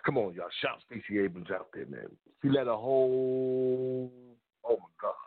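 A man in New York talking excitedly to the camera, giving repeated shout-outs, close to the mic. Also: mid-range voice, moderate pace, narrow, tinny audio. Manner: hyped, repetitive shout-outs. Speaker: video blogger. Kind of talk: excited casual monologue.

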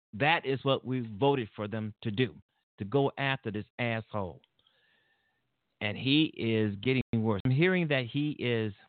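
A man's voice: medium pitch, dry recording. Heated man ranting over a phone line. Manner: heated, profane, rambling with restarts. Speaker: political talk show host. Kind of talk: angry political commentary. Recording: tinny phone-like line, dry.

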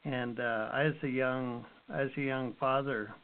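A middle-aged man hosting an interview, speaking in a slow, reflective, hesitant way. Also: mid-range voice, steady tone, smooth. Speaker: host. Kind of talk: interview conversation. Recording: tinny phone-like line.

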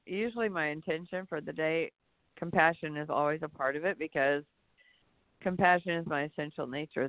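A man's voice: on the high side, clean tone, no room sound. A man co-hosting a reflective spiritual talk show, rambling and searching for his words. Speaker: podcast co-host. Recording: tinny phone-line sound.

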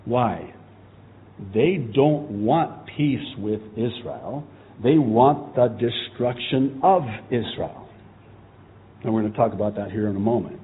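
A man's voice: mid-range voice, breathy edge. Impassioned preacher man, tinny sound. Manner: impassioned, rising to shouting. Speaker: pastor. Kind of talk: sermon.

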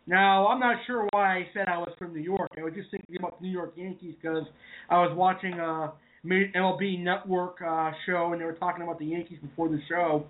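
A man from Massachusetts talks to his viewers in a chatty, casual way, calling them "folks." His voice sits high for a man. The sound is thin and narrow, like audio coming through a phone. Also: fairly even intonation, brisk. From Massachusetts, New England. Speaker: cooking show host. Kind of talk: casual online show talk.

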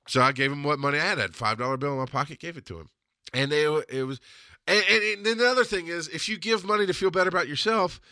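A man's voice: a little high, sing-song, fast, sharp tone, no echo, studio quality. A man hosting a solo podcast monologue, ranting with lots of swearing and wandering off on tangents. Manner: profane, ranting, digressive. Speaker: podcast host.

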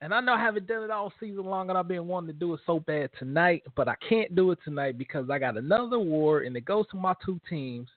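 A man's voice: sits high, fast talker, hardly any pauses, dry recording. A man co-hosting a sports talk show, ranting in a fired-up, blunt way. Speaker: co-host. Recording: dry, phone-like audio.

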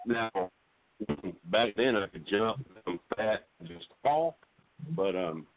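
A middle-aged man calling in to a talk show, telling meandering jokes with halting restarts. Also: fairly low pitch, lively intonation, no echo. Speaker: regular caller. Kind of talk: rambling comedic call-in chat. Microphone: phone. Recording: dry tinny phone line.

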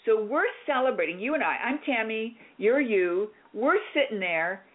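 A woman hosting a radio show, coaching a caller with lively, directive talk and acting out little scenes. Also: fairly high pitch, normal speed, phone-quality sound. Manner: directive and animated, plays out scenes. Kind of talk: on-air coaching chat.

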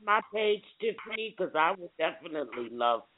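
A woman's voice: fairly low pitch, very animated, brisk, crowd noise. A woman hosting a radio chat, affirming her guests and plugging events. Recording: phone-line sound.

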